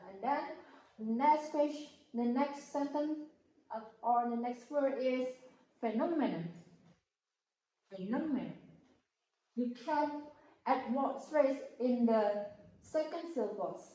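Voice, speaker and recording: Slow, halting woman in an echoey room. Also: high-pitched, mellow. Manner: slow, halting, careful over each word. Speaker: student presenter. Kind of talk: classroom explanation.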